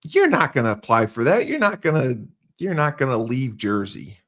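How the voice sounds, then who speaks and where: A man's voice: medium pitch, sing-song, normal speed, fairly bright tone. A man, a football coach hosting a casual podcast chat, talking in a rambling, teasing way with many fillers.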